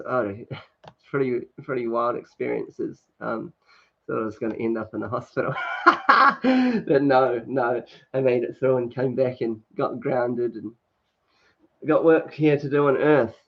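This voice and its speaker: A man's voice: mid-range voice, lively intonation, a little slow. A man hosting a casual livestream, reading comments and chatting with many fillers and laughs. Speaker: livestream host. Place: indoors at home, sunny. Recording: dull lo-fi stream audio.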